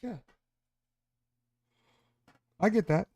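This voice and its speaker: A man's voice: high-pitched, extremely slow, vocal fry, dark tone, slightly rough, dry recording. A man hosting a casual online panel discussion, talking in an emphatic, lecturing way. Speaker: host.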